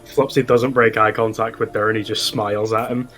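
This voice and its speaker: Low, calm man playing a game. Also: normal speed, soft background music. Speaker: player.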